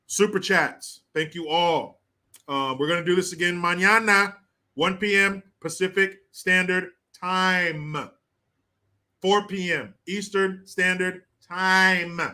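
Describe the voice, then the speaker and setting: A brash male host rattles through a casual livestream in profane, joking banter. His voice sits fairly high and sounds bright and forceful.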